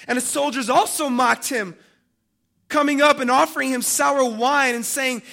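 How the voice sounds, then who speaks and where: A man preaching a sermon, dramatic, swinging from loud emphasis to hushed tones and calling his listeners family. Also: extremely high pitch, steady tone, normal speed, creaky.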